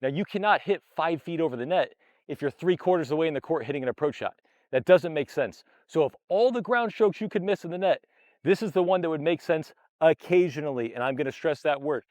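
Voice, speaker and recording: A man's voice: on the high side, lively intonation, quick pace, a little mellow, no echo. A man coaching tennis, explaining technique and drills in a direct, upbeat way, step by step. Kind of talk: instructional coaching talk.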